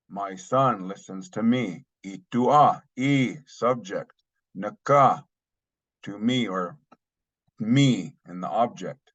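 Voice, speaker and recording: A man's voice: lowish voice, slow, a bit bright, husky. A man teaching a language lesson, carefully saying each phrase twice and then explaining it. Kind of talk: slow spoken language lesson. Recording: dull lo-fi sound.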